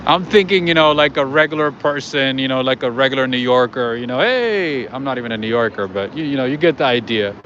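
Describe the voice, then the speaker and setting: A chatty man talks to his viewers as he walks along a city street at night. His commentary rambles and is full of fillers, with traffic and street noise loud around him. The sound is a bit muffled. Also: mid-range voice, quick pace, few pauses. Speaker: livestream host. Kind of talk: casual walking commentary to viewers.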